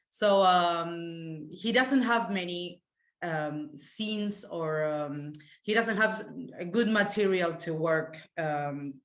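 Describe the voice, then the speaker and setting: A woman teacher in an echoey room. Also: on the low side. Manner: relaxed, explanatory, hesitant with fillers. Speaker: language teacher. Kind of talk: live online class.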